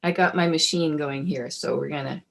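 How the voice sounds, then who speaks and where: A woman presenting a wellness webinar in a relaxed, casual teaching manner, friendly and chatty with frequent fillers. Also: sits low, normal speed, creaky.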